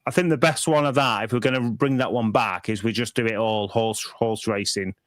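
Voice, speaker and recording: A man's voice: on the low side, steady tone, fairly quick, a little hiss or hum. A man co-hosting a podcast, full of joking, self-mocking banter. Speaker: podcast co-host. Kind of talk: casual chat.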